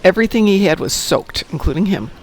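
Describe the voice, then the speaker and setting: A woman's voice: medium pitch, animated, fast, slight background noise. A woman streaming a game, chatting casually, telling stories and cheering at the game. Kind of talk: casual chat while gaming.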